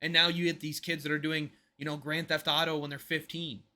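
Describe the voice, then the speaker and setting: Bright, emphatic man ranting casually. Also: a little high, flat delivery, brisk. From United States. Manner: emphatic, rambling, drops to a mutter at the ends of points. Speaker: podcast co-host. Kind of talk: casual opinionated chat.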